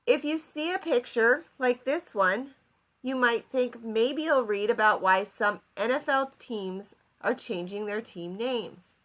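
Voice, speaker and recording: Slow, bright-voiced woman teacher. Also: fairly high pitch. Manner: slow, clear teacherly explanation with questions to students. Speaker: seventh grade English teacher. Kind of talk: recorded lesson for students.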